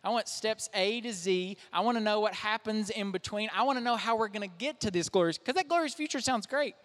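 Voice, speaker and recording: A man's voice: high-pitched, a little fast, a bit bright. A young man, a pastor, preaching a sermon in a conversational, self-deprecating way. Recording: reverberant hall.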